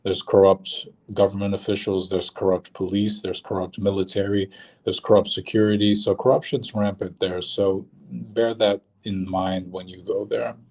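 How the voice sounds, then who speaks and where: A man telling his travel experiences as an interview guest, measured and hesitant with frequent pauses. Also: deep voice, flat delivery, a little mellow, recorded from a distance. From Boston, USA. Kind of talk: casual interview storytelling.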